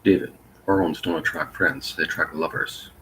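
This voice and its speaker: A man's voice: very deep voice, fairly even intonation, moderate pace, bright, forceful tone, slight background noise, poor audio. A man reading as a teasing, blunt woman lover.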